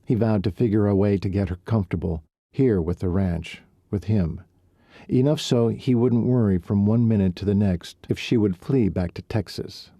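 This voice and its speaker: Male audiobook narrator, calm and even; dark, breathy timbre, low register. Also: normal speed, no echo. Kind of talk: audiobook narration of a romance novel.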